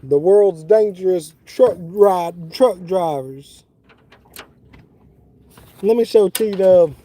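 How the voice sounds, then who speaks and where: A middle-aged man talks in a relaxed, easygoing way, greeting viewers by name as he streams live from a fishing boat. His voice sits fairly high for a man yet sounds warm and mellow. The sound is open, the way it is outdoors on the water. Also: extremely slow. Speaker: fishing livestreamer. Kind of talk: casual live-stream chat.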